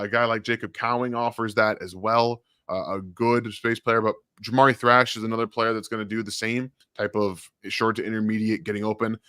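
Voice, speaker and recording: Bright-voiced male football analyst. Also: mid-range voice, clean tone, dry recording, studio quality. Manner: enthusiastic, quick draft takes. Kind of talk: casual sports chat.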